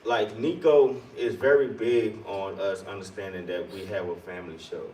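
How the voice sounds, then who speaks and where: A man's voice: lowish voice, moderate pace. A man on a convention panel telling a story with slang and lots of laughter. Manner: lively, laughing, uses slang. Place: convention hall. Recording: echoey hall, distant mic, audible noise.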